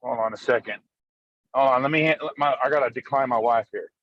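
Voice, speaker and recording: A man on a phone call from his car, telling a fast, profane, animated story in a casual chat. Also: medium pitch, no room sound. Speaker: guest arm wrestler. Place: in a moving car.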